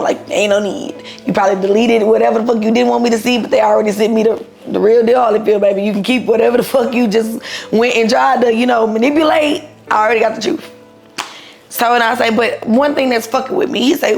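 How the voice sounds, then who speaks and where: Faint music underlies a woman in her thirties, a guest, casually recounting her own story at a moderate pace. Her voice sits a little high with a gravelly, fried quality, and she's blunt, profane, and animated, giving voice to everyone she quotes.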